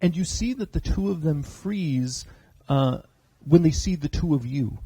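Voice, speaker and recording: A man's voice: on the high side, measured pace, dark tone, slightly rough, no room sound, poor audio. A man narrating a tabletop game as game master, hesitant, with many filler sounds, on a convention stage.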